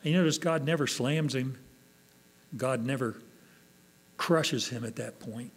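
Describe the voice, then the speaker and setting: A man's voice: medium pitch, measured pace, slightly rough. A man preaching a sermon, earnestly acting out quoted prayers with rising emotion. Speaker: pastor.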